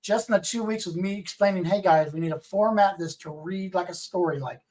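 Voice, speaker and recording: A man's voice: high-pitched, brisk, a little mellow. Guy rambling on a roundtable, sounds a bit far off the mic. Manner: rambling, many fillers and restarts. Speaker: co-host. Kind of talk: casual roundtable chat.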